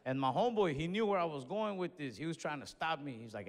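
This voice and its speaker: A man's voice: a little high, fast talker. A man doing stand-up comedy, telling a story and acting out the other people in it. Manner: animated, acts out both sides of the story. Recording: live show with long hall reverb.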